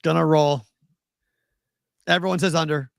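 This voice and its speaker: A man co-hosting a casual sports betting show, excitable and quick to laugh as he tells stories. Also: fairly high pitch, vocal fry, no echo, clean studio sound. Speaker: co-host.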